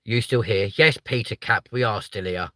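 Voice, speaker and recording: A young man hosting a live comedy stream from a car, sweary and mocking, jumping from loud outbursts to muttered asides. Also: fairly low pitch, normal speed, dry recording. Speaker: host of a live stream show. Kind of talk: crude comedic live chat.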